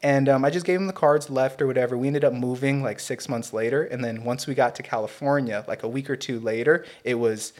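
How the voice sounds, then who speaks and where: A young adult man co-hosting a podcast, telling a long story casually, swearing and loudly acting out what others said. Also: mid-range voice, fairly quick, hardly any pauses. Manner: animated, swearing, acts out quotes loudly. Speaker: podcast co-host.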